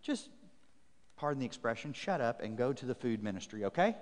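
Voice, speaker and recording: With long church reverb around him, a pastor preaches to his congregation in a very animated, slightly fast mid-range voice. He builds emphatic repeated phrases and reads scripture aloud in the sanctuary.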